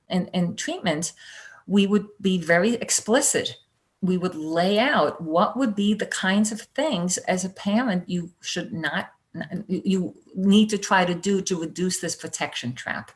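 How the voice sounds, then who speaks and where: A middle-aged psychologist giving a conference lecture, conversational and animated, acting out parents and children in little quoted voices. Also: female voice, lowish voice. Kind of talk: lecture with slides.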